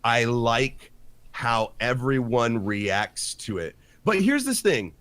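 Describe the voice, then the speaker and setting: A man talking casually on a podcast with a very lively, swinging pitch. He acts out little quotes as he goes, and the room sounds dry and close. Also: slow, no room sound. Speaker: podcast co-host. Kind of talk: casual chat.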